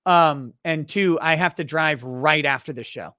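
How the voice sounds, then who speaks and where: A man hosting a casual livestream, reading viewer chat messages aloud and joking, often restarting his sentences and growing animated in his stories. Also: a little high, dry recording, clean studio sound. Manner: rambling and joking, with halting restarts; animated when telling stories. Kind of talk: casual live-stream chat.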